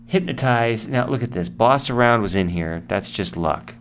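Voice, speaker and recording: A man's voice: mid-range voice, lively intonation, moderate pace, slight background noise. A man giving a casual English vocabulary lesson, explaining words and acting out example sentences. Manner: explanatory, acts out example sentences in different voices. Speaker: English teacher.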